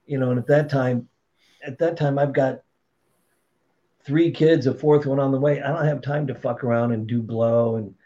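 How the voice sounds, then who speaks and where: A man's voice: medium pitch, moderate pace. Blunt, profane man telling stories. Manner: blunt, profane, animated storytelling. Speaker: podcast guest. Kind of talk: casual storytelling. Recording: dull lo-fi sound.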